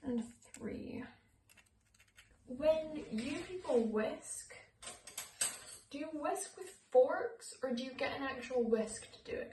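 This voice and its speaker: A woman with a high, mellow voice chats casually while baking in her home kitchen for her YouTube channel, playful and goofy and making silly noises. The recording is poor, captured from a distance with a roomy sound and slight background noise.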